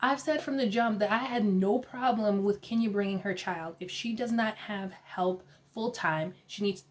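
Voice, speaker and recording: A young adult woman talks through a reality show episode in a casual, gossipy recap. Her voice sits at a middle pitch, and she keeps it lively by acting out what each cast member said and laughing along. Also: normal speed. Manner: chatty, animated retelling with frequent laughs and quoted voices.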